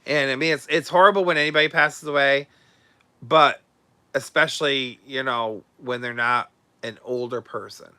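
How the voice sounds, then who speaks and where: A male host gossips bluntly and sarcastically in a casual livestream chat, often with crude words. His voice is bright and forceful, and the sound is dry and close. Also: mid-range voice, fairly even intonation, normal speed, clear, resonant tone, dry recording.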